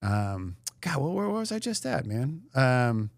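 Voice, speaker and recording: A man telling a story as a guest comedian in a casual podcast chat, animated and profane. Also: medium pitch, slow pace, gravelly, no room sound.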